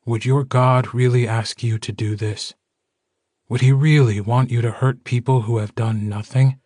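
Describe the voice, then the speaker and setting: A calm, steady young werewolf leader who pleads in a quiet, gentle voice, as a male narrator reads him. He speaks slowly and evenly. The sound is dry and close to the mic. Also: mid-range voice, no room sound, close to an everyday voice. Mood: gently pleading.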